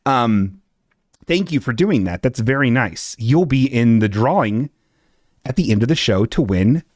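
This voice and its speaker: A man's voice: mid-range voice, dry recording, studio quality. A man hosting a comedic livestream podcast, telling rambling silly stories and doing goofy voices for the people he quotes.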